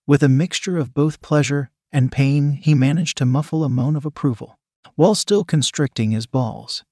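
A man narrating a scripted story in a measured, steady reading manner. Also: on the high side, slightly rough, no echo, clean studio sound.

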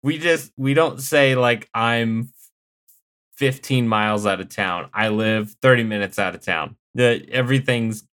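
Slow-talking, easygoing male podcast host. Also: mid-range voice, a bit bright. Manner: easygoing, rambling with restarts. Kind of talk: casual chat.

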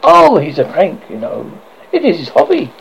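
A fretful young student, fed up with his friend's morbid hobby, as a man puts him on. The voice runs high and gravelly. The recording is dull and lo-fi. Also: huge pitch swings, normal speed, a bit bright, slight background noise, full character voice. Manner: fretful, exasperated. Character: worried young male student neighbour.

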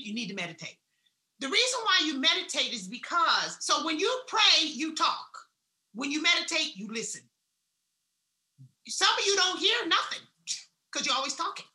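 A woman giving a blunt, salty motivational talk, swinging between loud emphasis and hushed asides. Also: high-pitched, roomy sound. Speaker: wellness speaker.

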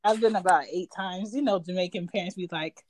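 A woman in her thirties from Georgia, chatting casually and telling animated stories with big jumps in her voice. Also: fairly quick, crowd noise. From United States (Georgia). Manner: animated, laughing storyteller with big pitch jumps. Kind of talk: casual chat.

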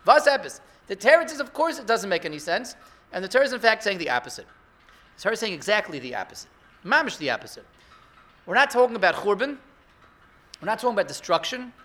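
High-pitched, bright-voiced rabbi giving a sermon. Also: male voice, fast talker. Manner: rhetorical, builds to excited emphasis. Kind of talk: Torah sermon.

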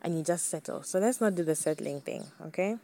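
A young woman hosts a casual solo podcast, talking candidly and chattily to her listeners. Her warm voice is fairly low and a little fast, with slight background noise.

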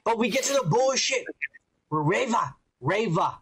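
A man co-hosting a casual podcast, talking in an animated, profane way and acting out scenes he retells. His voice sits a little high for a man, and he swears freely as he goes. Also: moderate pace. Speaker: podcast co-host.

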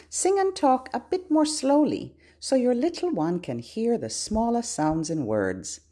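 A woman who works as a children's librarian, hosting a podcast for babies and singing nursery rhymes and songs in a gentle, sing-songy way. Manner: gentle, slow and sing-songy, with playful high and low hellos.

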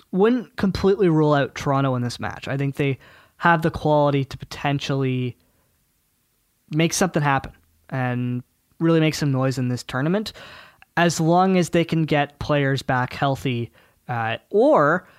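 Man, podcast co-host, slightly high voice, chatty, thinks out loud, dry close sound. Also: a little slow, smooth, no echo. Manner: chatty, thinks aloud with fillers and asides. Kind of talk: casual sports podcast chat.

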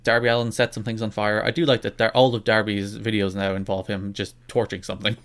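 A man co-hosting a podcast in casual chat, talking quickly and restarting his sentences often. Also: on the low side, little pitch movement, fairly bright tone. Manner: quick, self-interrupting talk with frequent restarts. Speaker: podcast co-host.

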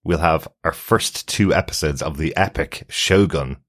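Very deep-voiced male podcast host. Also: a little slow, fairly bright tone. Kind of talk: casual chat.

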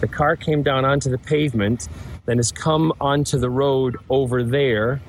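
A man speaks outdoors on a city street, describing what he sees as an eyewitness. He pauses often and sounds shaken. Faint traffic runs behind his voice. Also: mid-range voice, fairly even intonation. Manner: hesitant, shaken, describing the scene. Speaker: eyewitness reporting from a scene. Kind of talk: on-the-spot eyewitness video. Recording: street recording with traffic noise.

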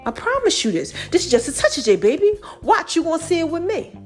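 A woman's voice: extremely high pitch, big pitch swings, fast, faint music behind. A woman hosting a podcast, giving playful, preachy encouragement in casual slang. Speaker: podcast host. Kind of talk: casual motivational podcast talk.

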